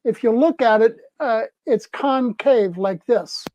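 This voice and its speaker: A man's voice: extremely high pitch, slow pace, a little mellow, no room sound. A man in his seventies, a former festival crew member, tells a story casually and acts out the people he quotes. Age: 70s. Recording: dull, dry lo-fi sound.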